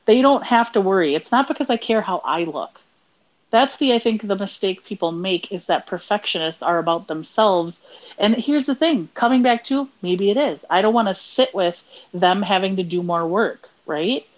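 A woman co-hosting a casual podcast at an ordinary middle pitch, animated and quick to laugh, often trailing off and restarting her thoughts. The sound is a little dull and lo-fi. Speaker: podcast co-host. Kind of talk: casual chat.

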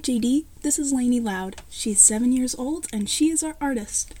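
A chatty, cheerful young boy with lots of sisters, played by a woman reading a story. He is helpful and eager, and his voice sits high and a bit raised. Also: normal speed, warm tone, lightly acted.

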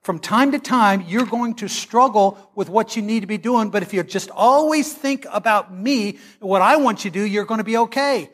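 A middle-aged man, preaching a storytelling sermon. He is animated and humorous, and swings between loud and hushed. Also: high-pitched, normal speed, few pauses.

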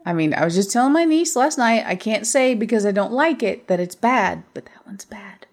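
A woman co-hosting a casual movie review chat, animated and opinionated with quick asides. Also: on the high side. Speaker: podcast co-host.

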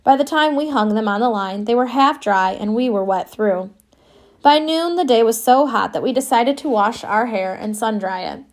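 A woman narrates a first-person audiobook with a wry, wistful touch. Her voice sits somewhat high and her reading flows steadily. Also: moderate pace.

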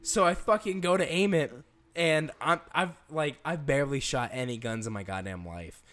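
A man's voice: a little high, moderate pace, a bit bright. A young man co-hosting a podcast, telling a rambling, profane story in casual chat and laughing often. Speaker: podcast co-host.

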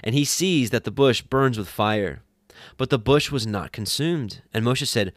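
A man reading scripture aloud at a steady pace, sometimes correcting himself. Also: medium pitch, a little slow, dry recording, clean studio sound. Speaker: scripture reader.

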